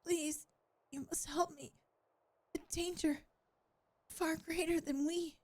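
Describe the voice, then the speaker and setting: A woman voicing a desperate ally who urgently begs for help in a hushed voice, reading game lines aloud. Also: very high-pitched, steady tone, slow pace, voice pushed up. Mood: pleading.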